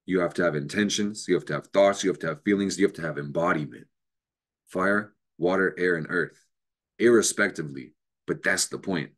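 A man's voice: sits low, fast, fairly bright tone. A man hosting an astrology show, giving an unscripted motivational talk, emphatic and profane, with bursts of laughter.

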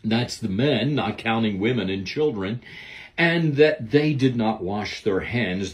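A man's voice: mid-range voice, a little mellow. A man giving a devotional Bible lesson, preaching in an earnest, emphatic way. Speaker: Bible teacher.

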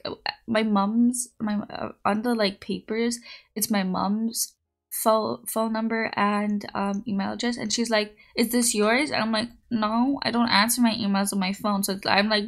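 A young woman streaming, chatting casually and rambling through a story, with high squeals when she greets viewers. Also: a bit bright. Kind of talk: casual chat.

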